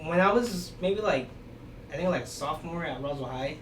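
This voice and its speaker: A man's voice: on the high side, moderate pace. A young man, a podcast guest, telling stories casually and loosely, with lots of "you know" and "like". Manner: relaxed storytelling, many fillers like "you know" and "like". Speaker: podcast guest, aspiring musician. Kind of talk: casual conversation. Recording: echoey room, distant mic, background noise.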